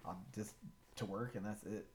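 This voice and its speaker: A man talking in a casual, laid-back chat, trailing off quietly. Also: lowish voice, steady tone, moderate pace, slight background noise.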